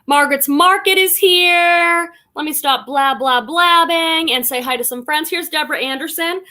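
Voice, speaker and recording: A woman from Boston hosting a casual live stream, chatting warmly and greeting viewers one by one as she reads the chat aloud. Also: sits high, normal speed. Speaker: live stream host and online reseller.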